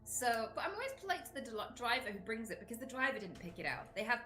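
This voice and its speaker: A woman streamer chatting casually, swearing freely and acting out lively retellings. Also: fairly high pitch, fast. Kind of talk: casual chat.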